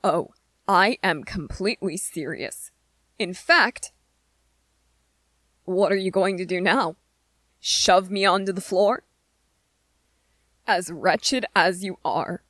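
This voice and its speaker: A woman's voice: fairly low pitch, slow, long pauses, a bit bright, dry recording. A woman voicing an irritable young male soldier trainee in a whispered role-play, speaking with biting sarcasm and strained patience. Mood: bitter.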